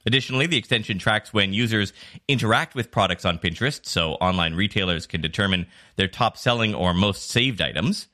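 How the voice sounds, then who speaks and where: A man hosting a digital marketing news podcast, reading scripted segments with clear, varied emphasis. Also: on the low side, fairly quick, pushed and bright. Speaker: podcast host.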